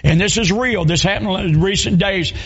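A revival preacher from North Carolina with a Southern accent, telling a story emotionally and rising to shouts. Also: male voice, sits high, moderate pace, gravelly, slightly rough, dull audio. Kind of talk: sermon storytelling.

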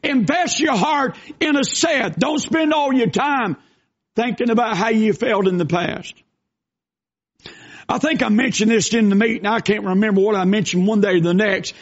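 An older man preaching a sermon, with folksy asides and shouted bursts. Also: sits high, moderate pace. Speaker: pastor. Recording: dull lo-fi sound.

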